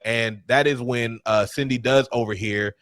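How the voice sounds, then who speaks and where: A man's voice: medium pitch, moderate pace, no room sound, clean studio sound. A man hosting a casual movie recap chat, acting out the characters' lines. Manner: animated, acts out characters' lines in put-on voices. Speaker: podcast host.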